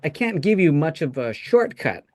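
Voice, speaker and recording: A man's voice: fairly high pitch, big pitch swings, moderate pace. A man teaching an English pronunciation class, explaining patiently and checking in often with "right?".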